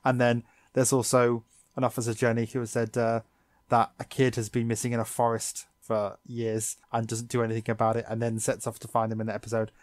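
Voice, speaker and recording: Male podcast co-host, sarcastic animated recap, mid voice, dry sound. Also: mid-range voice, a little fast, no echo. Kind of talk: casual episode recap chat.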